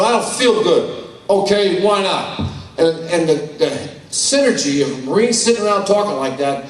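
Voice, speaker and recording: A man's voice: sits high, recorded from a distance. Blunt older man in an echoey hall. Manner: blunt, salty, folksy storyteller. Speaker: conference speaker. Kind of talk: personal storytelling talk. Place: large conference hall. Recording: roomy hall, voice from afar.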